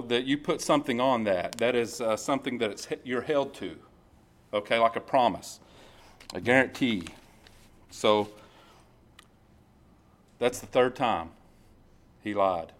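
A man preaching a conversational sermon at a church service, reading scripture slowly and often repeating himself. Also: mid-range voice. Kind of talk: informal sermon.

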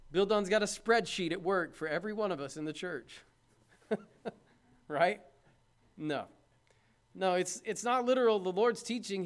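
A man preaching a sermon in a conversational way, asking the congregation questions and swinging from loud emphasis to hushed tones. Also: high-pitched.

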